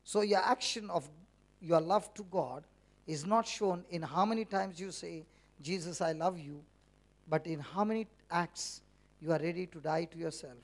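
A man's voice: sits high, normal speed. A man preaching a conversational sermon to a church meeting, teasing the congregation with questions.

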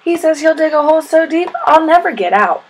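A woman's voice: high voice, lively intonation, a little fast, voice pushed up. A woman voicing a shy but clever young boy who answers earnestly.

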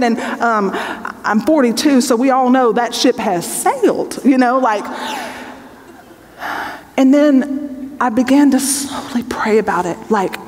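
A woman's voice: on the high side, measured pace, a little mellow. A woman in her forties, a Bible teacher, giving an earnest, conversational testimony sermon and often checking in with her audience. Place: large hall with an audience. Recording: long reverb of a large hall.

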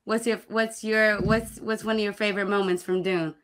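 A woman playing as a contestant in a casual game show, talking quickly and excitedly. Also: medium pitch.

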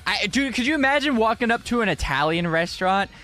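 A man's voice: high-pitched, animated, fast talker, bright, forceful tone. A young man streaming a game live and chatting with his viewers, exclaiming often and using casual slang.

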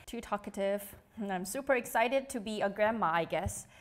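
A woman's voice: medium pitch, normal speed. A young woman, hosting a live quiz show in playful, giggly chat while reading out viewer comments. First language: Korean.

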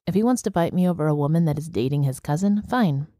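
A woman's voice: deep voice, animated, fast, warm tone, no room sound, clean studio sound. Defensive young man, earnest and pleading, voiced by a woman narrator.

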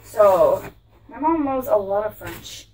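A woman's voice: mid-range voice, animated, slow pace, dark tone, recorded from a distance, a little hiss or hum, poor audio. A woman hosting a casual shopping-haul vlog in her room. She gushes over every item and keeps saying how cute things are. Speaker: vlog host showing a clothing haul. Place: her room with a closet behind.

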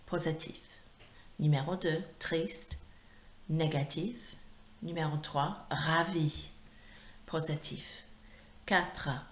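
Casting note: female teacher, low and unhurried, patient and clear, recorded in an echoey room. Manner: clear, patient, drills words for repetition. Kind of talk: recorded remote language lesson. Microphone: home recording for remote class.

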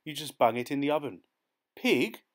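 A man's voice: medium pitch, animated, normal speed, darkish tone, pitched above the performer's own voice, close to an everyday voice. A man voicing a suspicious diner waiter who speaks bluntly and curtly. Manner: blunt and curt.

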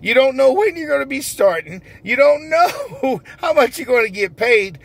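A man's voice: very high voice, big pitch swings, normal speed, creaky, a bit bright, poor audio. A man hosting a comedic mock interview, laughing often in a folksy, plain-spoken way. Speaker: comedy host posing as an interviewer.

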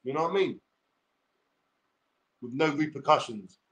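London man, forties, combative livestream rant, heavy slang, higher-pitched voice. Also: expressive, normal speed, a bit bright. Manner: combative, profane, streetwise slang. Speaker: YouTuber.

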